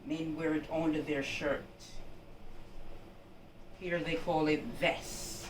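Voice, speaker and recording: A woman from Jamaica gives an unhurried, instructive housekeeping demonstration and keeps checking in with her viewer. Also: deep voice, little pitch movement. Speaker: housekeeping vlogger. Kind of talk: home laundry-folding demonstration. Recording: echoey room, voice from a distance, background noise.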